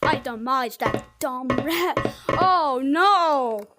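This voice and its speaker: A young woman with a very high, lively voice, streaming a VR game for her chat. She talks in an unhurried, drawn-out way between sudden shrieks and bursts of laughter, trash-talking the friend who is chasing her. Loud game music plays behind her. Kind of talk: live gameplay commentary.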